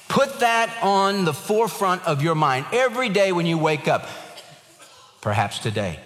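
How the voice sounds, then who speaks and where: A man's voice: high-pitched, very animated, normal speed, a bit bright. A man preaching a sermon in an earnest, emphatic way, with an easy storytelling touch. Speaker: pastor. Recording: long hall reverb.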